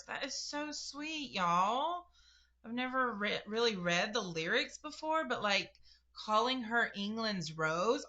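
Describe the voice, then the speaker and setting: A woman's voice: mid-range voice, lively intonation, slow, pauses often, sharp tone. A young woman giving a casual spiritual reading to camera, chatty and emotional, talking straight to her viewers. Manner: chatty and emotional, addresses viewers directly, laughs and gasps. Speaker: spiritual reader.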